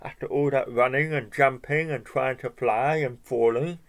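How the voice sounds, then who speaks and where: A man's voice: medium pitch, fairly even intonation, moderate pace, lightly acted. A man voicing a small, eager young male mouse in a storybook reading, cheerful and determined.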